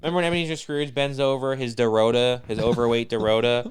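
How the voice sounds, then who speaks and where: Male podcast co-host, crisp resonant voice, sarcastic and crude, teasing. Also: mid-range voice, flat delivery, quick pace. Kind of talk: casual chat.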